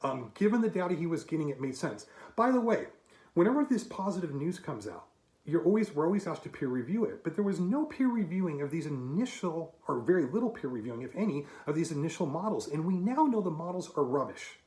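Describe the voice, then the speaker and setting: A man's voice: on the high side, very animated, a little fast, darkish tone, reverberant. A man in his fifties giving an emphatic, argumentative monologue to camera with rhetorical asides. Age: 50s. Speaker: commentator.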